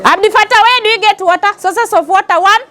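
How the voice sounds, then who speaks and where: High-voiced Kenyan woman teaching young children. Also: fast talker, bright, forceful tone. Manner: call-and-response, mixes in Swahili phrases. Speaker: pre-primary teacher. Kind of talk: classroom teaching. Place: classroom with children. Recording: noisy classroom with children.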